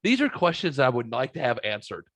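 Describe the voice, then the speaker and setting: A man's voice: mid-range voice, sing-song, fairly quick, fairly bright tone. A man co-hosting a podcast, cutting in with blunt questions and crude wisecracks. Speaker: podcast co-host. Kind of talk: casual chat.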